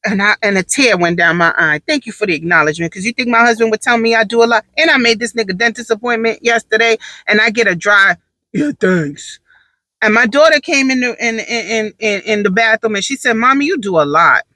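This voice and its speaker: A worn-out mom tells stories about her home life in an animated, sassy style and hammers her points with repetition. Her voice is sharp and forceful and sits high. The sound is close and dry, with no room echo. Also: fast, few pauses. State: tired, drained. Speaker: mother and vlogger. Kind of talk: casual storytelling monologue.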